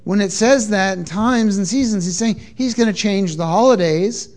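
A man's voice: high voice, normal speed, darkish tone. A man preaching a sermon to a congregation in a church, emphatic, asking the crowd to repeat words and answer back. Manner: call-and-response with congregation, emphatic.

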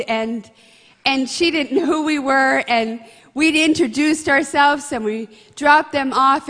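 In a church sanctuary, a woman who leads ministry delivers an announcement and prayer in an earnest, heartfelt way. Her voice is high-pitched and a bit bright, with a big-room sound.

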